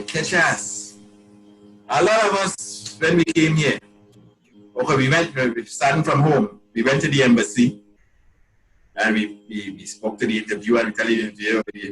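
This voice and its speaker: A Trinidadian man, a songwriter being interviewed, telling stories in a lively way, stumbling over repeated words and acting out what people say. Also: mid-range voice, poor audio. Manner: animated storyteller, repeats words, quotes people in a rising voice. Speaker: calypsonian guest. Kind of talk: casual interview talk.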